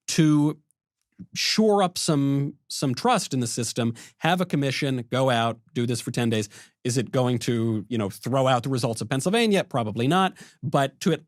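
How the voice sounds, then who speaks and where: A man's voice: mid-range voice, no echo, clean studio sound. A man co-hosting a podcast, posing long, thinking-aloud questions in conversation. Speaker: podcast co-host, interviewer. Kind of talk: conversational interview.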